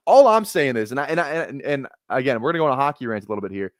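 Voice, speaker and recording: A man from Minnesota talks loosely through a fantasy draft on his stream. He rambles, trips over his words and slides into excitable, swearing rants. His voice sits in an ordinary middle register, and it is recorded dry and close with no room sound. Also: mid-range voice, rapid-fire, hardly any pauses, dry recording. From Minnesota, USA. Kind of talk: casual live-stream chat while drafting.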